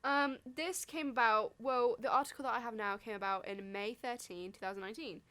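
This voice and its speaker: A woman's voice: fairly high pitch, brisk, fairly bright tone. A young woman from England co-hosting a casual student podcast, chatting and laughing as she reads from notes. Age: young adult. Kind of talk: casual chat.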